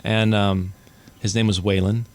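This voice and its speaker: A man hosting a podcast in relaxed, casual chat, joking and laughing often. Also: fairly low pitch, unhurried. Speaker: podcast host.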